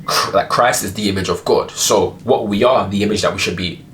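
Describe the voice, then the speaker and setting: Young guy, lowish voice, earnest faith vlog rant, stops and restarts a lot, bit of hiss behind. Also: fairly quick, fairly bright tone. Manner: earnest, many restarts and rhetorical questions. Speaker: Christian video blogger. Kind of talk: casual spoken commentary.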